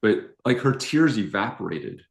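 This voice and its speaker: A deep, low-pitched middle-aged man on a live relationship show, telling stories in an animated, self-deprecating way. His voice carries a roomy echo from the space around him. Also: a little slow, vocal fry. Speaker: relationship coach co-host. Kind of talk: live-streamed conversational talk.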